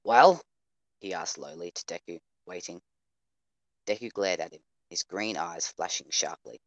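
A man narrates an audio drama in a measured, steady way, his voice sitting very low. The recording is dry, with no room sound around him. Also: no room sound. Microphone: home microphone over voice chat.

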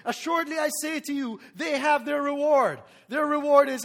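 Male pastor, very high voice, lively sermon delivery, call-and-response. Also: moderate pace, creaky, long reverb tail. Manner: animated preaching with laughter and call-and-response.

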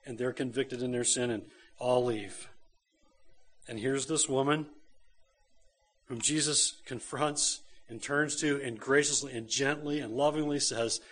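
A man's voice: mid-range voice, steady tone, measured pace, fairly bright tone. Pastor guy preaching a sermon, repeats himself for emphasis, keeps asking the congregation right?. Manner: emphatic, repeats phrases and asks rhetorical questions.

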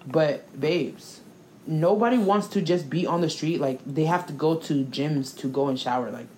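Blunt, sarcastic young woman, slightly low voice. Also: moderate pace, darkish tone, a little hiss or hum. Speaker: co-host. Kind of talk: casual chat.

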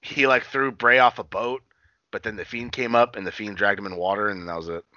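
A man's voice: fairly low pitch, steady tone, a little fast, sharp tone, no room sound. A man co-hosting a casual wrestling podcast, talking in a profane, rambling way. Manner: profane, rambling, retells scenes. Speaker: podcast co-host. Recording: dull dry lo-fi sound.

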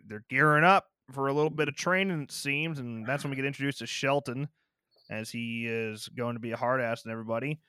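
A man co-hosting a podcast, reviewing a movie in laid-back casual chat and acting out quotes in a higher voice. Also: bright, forceful tone, smooth, no echo, clean studio sound. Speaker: podcast co-host.

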